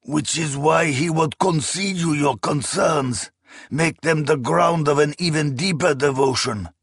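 A male narrator plays a powerfully built, scarred warrior with a grim and cynical edge. He talks in measured phrases, somewhat higher than the narration. The voice is close and dry. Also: slightly rough, no echo.

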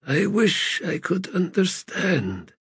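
A weak, chained god speaks in a frail, raised voice, slow and pleading, put on by a male narrator. The words come thin and breathy, with long pauses. The sound is dry and close. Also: high voice, big pitch swings, fairly bright tone, dry recording, pitched above the performer's own voice, heavily acted.

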